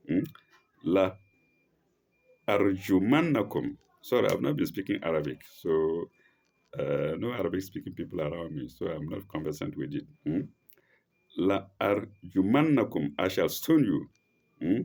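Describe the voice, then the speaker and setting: Slow, low-voiced man teaching scripture. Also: expressive, gravelly, a little mellow. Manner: reads aloud haltingly, repeats and corrects himself; reads Arabic phrases aloud slowly. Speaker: religious teacher. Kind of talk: slow scripture study commentary.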